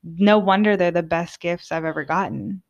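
A woman's voice: on the low side, moderate pace, highs cut off. A young woman hosting a podcast, talking casually and from the heart, with lots of filler words. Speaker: podcast host. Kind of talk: personal monologue.

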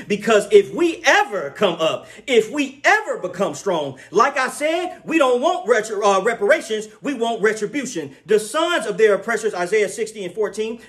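A man's voice: high voice, a bit bright. A man giving an impassioned scripture lesson, emphatic, often laughing and asking his listeners to confirm. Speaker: religious teacher.

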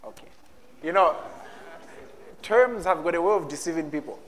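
A man's voice: fairly high pitch, moderate pace. A man preaching a sermon, reading scripture dramatically and slipping in humorous asides. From Zambia. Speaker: pastor.

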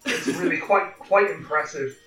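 Man, deadpan in-character delivery, roomy echo, background music. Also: a little high, normal speed, distant mic. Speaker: player. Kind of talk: tabletop role-play. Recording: echoey room from off-mic, music behind.

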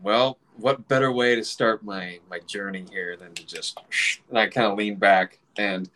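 A man in his forties telling a casual story, animated, swearing freely and acting out other people's voices. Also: fairly low pitch, unhurried.

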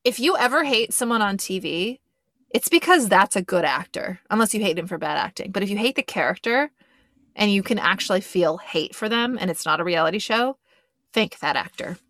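A woman's voice: medium pitch, animated, a little fast, fairly bright tone, no room sound, clean studio sound. A young woman in casual podcast chat, opinionated and emphatic, making sweeping asides.

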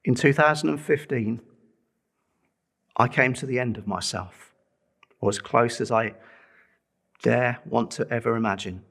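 A man's voice: medium pitch, unhurried, vocal fry, long pauses, fairly bright tone. A middle-aged man preaching a sermon, telling a personal testimony with earnest feeling and pleading with listeners to respond.

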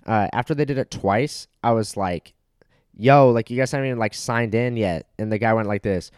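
A man's voice: fairly low pitch, brisk, no room sound, studio quality. A young man telling a rambling, profane comedic story that keeps getting heated, with plenty of filler words.

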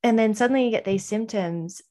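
A woman's voice: fairly high pitch, fairly quick, darkish tone. A woman talking earnestly in a podcast conversation, reflective and personal, voicing her past inner thoughts as quotes.

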